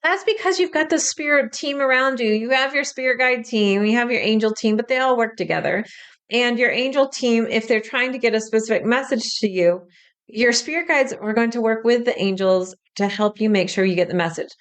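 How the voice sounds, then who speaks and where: A woman's voice: fairly high pitch, fairly quick, fairly bright tone, clean tone. A woman who works as a spiritual medium, hosting a podcast and explaining her practice in a chatty, frank way with casual swearing.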